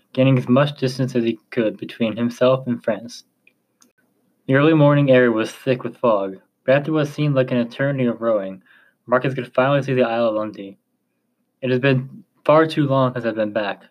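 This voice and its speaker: A man narrating a chapter of a story in a slow, measured reading voice. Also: mid-range voice, dull audio.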